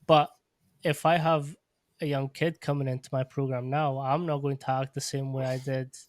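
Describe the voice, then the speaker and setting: A man who coaches athletes and hosts a podcast, talking in a measured, reflective way. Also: mid-range voice, flat delivery, no room sound, studio quality. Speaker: podcast host, strength coach. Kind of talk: casual podcast conversation.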